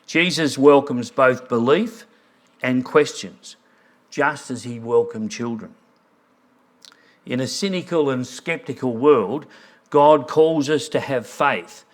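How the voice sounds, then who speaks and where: A man's voice: mid-range voice, takes it slowly. A man preaching a sermon in a church, earnest, reading quotes aloud. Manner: earnest, reads quotes aloud, briefly moved. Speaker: pastor.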